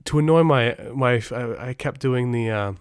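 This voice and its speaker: A man's voice: medium pitch, normal speed, clean tone, no echo. A man hosting a casual podcast, telling rambling, anecdotal stories over a close mic. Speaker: podcast host.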